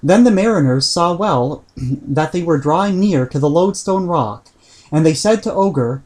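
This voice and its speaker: A man reading an old book aloud in a measured way, with occasional slips and throat-clearing. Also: a little high, animated, darkish tone. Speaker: reader.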